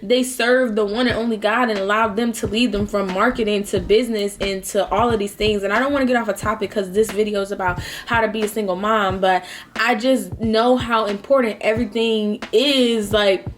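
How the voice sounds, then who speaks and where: In this mukbang clip, a vlogger in her twenties speaks at medium pitch, steady in tone and a little fast, with slight background noise. She talks casually while eating, rambling and heartfelt, using plenty of fillers and occasionally close to tears.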